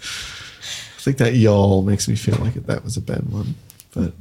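A man's voice: on the low side, fairly even intonation, unhurried, vocal fry, mellow, slight background noise. A man guesting on a comedy podcast, rambling through absurd ideas and trailing off. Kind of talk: casual comedy podcast banter.

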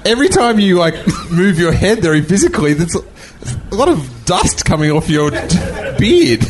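Teasing high-voiced man. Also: big pitch swings, moderate pace. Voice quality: teasing, laughing. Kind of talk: casual comedic chat. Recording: crowd noise in background.

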